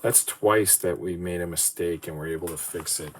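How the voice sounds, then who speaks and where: A man's voice: low voice, normal speed. A podcast host talking casually to himself as he assembles a model, rambling and self-deprecating. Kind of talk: casual solo talk while building a model. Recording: steady background noise.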